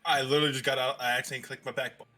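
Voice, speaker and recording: A man's voice: mid-range voice, little pitch movement, rapid-fire, sharp tone. A man playing a tabletop game, casual and laughing easily. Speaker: player. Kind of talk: casual chat.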